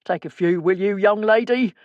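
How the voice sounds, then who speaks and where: A woman voicing a gruff, quietly menacing middle-aged man with an East End London accent in an audiobook. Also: medium pitch, normal speed, no echo, dull audio, pitched above the performer's own voice, natural voice. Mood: curt.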